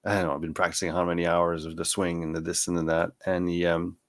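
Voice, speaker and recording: A male podcast host with a somewhat low voice talks in a relaxed interview chat. He searches for words as he goes, with lots of fillers and restarts. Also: fast talker. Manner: hesitant, filler-heavy recollection.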